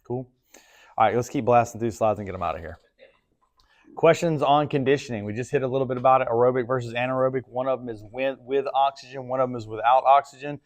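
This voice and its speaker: A man's voice: medium pitch, quick pace. A man coaching a class in a gym, talking casually and checking in with frequent questions. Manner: casual, asks the group questions often. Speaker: strength coach.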